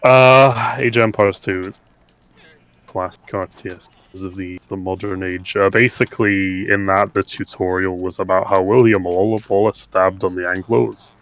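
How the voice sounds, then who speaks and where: Deep-voiced young man chatting over a game. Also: steady tone, moderate pace, a bit bright, low-quality recording. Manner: chatty, laughs often. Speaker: let's play co-host. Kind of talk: casual gaming chat.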